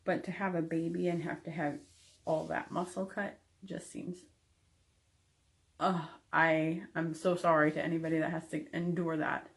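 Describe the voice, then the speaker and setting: A woman's voice: deep voice, flat delivery, moderate pace. A young adult woman giving a candid, frank recovery update to camera, with frequent ums. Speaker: vlogger.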